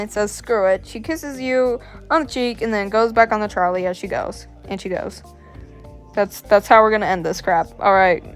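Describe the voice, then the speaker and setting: A woman hosting a casual reaction vlog, excitable and exasperated, talking with plenty of slang. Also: a little high. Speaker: host. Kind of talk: casual reaction vlog, reading a story aloud.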